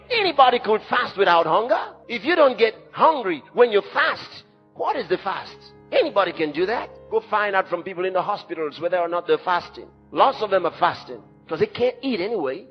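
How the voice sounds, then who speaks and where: Emphatic preacher, high lively voice. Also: male voice, slightly rough. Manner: emphatic preaching with sudden shouts and dramatic drops. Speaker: pastor. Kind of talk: sermon. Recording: dull lo-fi sermon recording with faint music.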